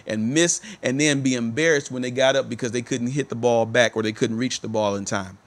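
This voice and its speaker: A man telling a personal story to his viewers, speaking emphatically and repeating that he is telling the truth. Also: mid-range voice. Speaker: motivational speaker.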